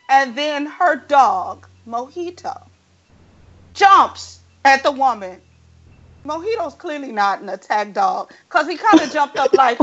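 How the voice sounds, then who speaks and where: A woman co-hosting a podcast, telling a story in an animated, profane, dramatic way. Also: sits high, a little slow, muffled recording. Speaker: podcast co-host. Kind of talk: casual storytelling chat.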